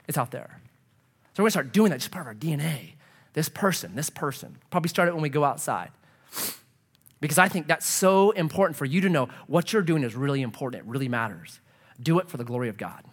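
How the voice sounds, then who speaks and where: A man preaching a sermon as pastor, earnest and emphatic, dropping to a soft hush as he prays. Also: on the high side, husky. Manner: drops to a soft hush for prayer.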